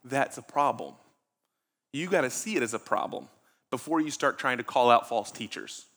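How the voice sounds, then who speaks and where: A man's voice: mid-range voice, expressive, moderate pace, a bit bright. A pastor preaching a sermon in a conversational way, asking his listeners rhetorical questions.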